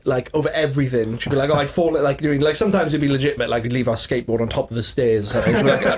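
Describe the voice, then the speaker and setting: A man's voice: medium pitch, fast talker, a little hiss or hum. A young man co-hosting a casual podcast, telling family stories and laughing often. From Wales. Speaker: podcast co-host. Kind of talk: casual chat.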